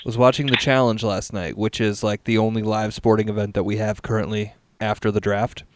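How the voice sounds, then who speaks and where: A podcast host chatting casually over a video call, telling rambling stories, laughing and swearing freely. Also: male voice, lowish voice, little pitch movement, brisk, background noise.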